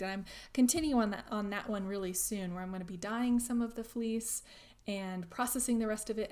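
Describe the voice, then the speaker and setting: A young woman chats through a crafting livestream, reading comments aloud and answering them in an easygoing way. She laughs often and drops into soft, half-whispered asides. Her voice sits at a middle pitch. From grew up speaking German at home in the US. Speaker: crafting channel host.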